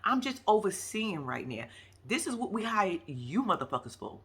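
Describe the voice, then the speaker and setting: An exasperated male overseer, as a woman puts him on, curses at the staff he hired. The voice stays bright and sharp, with an irritated, profane edge. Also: mid-range voice, sing-song, normal speed, husky, heavily acted.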